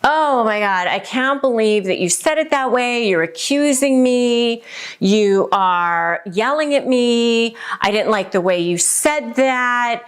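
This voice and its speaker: A woman's voice: on the high side, animated, slow, clear, resonant tone. Woman voicing a defensive, accusing partner. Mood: indignant. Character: dismissive self-absorbed partner, defensive and accusing.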